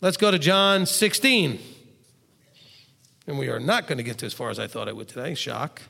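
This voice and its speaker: A man preaching as a rabbi who gets loud to stress his points. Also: mid-range voice, animated, normal speed, gravelly, long reverb tail. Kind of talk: sermon.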